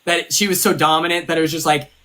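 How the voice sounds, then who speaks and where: Bright, high-voiced animated young man. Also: quick pace. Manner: animated, emphatic, swears casually. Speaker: former reality show contestant and superfan. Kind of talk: casual live-stream chat.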